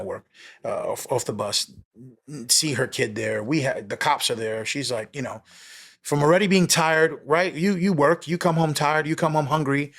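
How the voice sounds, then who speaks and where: Guesting on a podcast, a former cop from New York City spins a story in casual, animated speech at a medium pitch. His talk is dotted with "you know" and "right?", plus a curse here and there.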